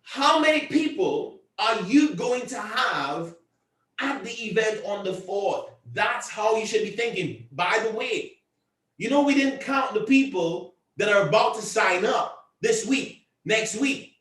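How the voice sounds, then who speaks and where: Leading the convention call, this team leader speaks in a high, animated, unhurried voice with a fairly bright tone. His motivational talk leans on repetition, and he often gets louder to stress a point. The mic is distant and the room echoes.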